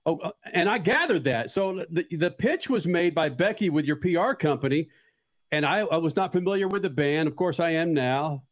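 Man hosting a studio radio show, high voice, eager and loose. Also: moderate pace. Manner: excited, rambling, talks to guest like a buddy. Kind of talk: casual radio talk.

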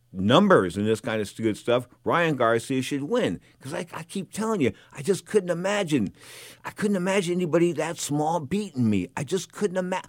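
A man's voice: on the high side, no room sound. Older guy rambling on, repeats himself a lot, dry close sound. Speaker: former boxer and commentator. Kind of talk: casual monologue.

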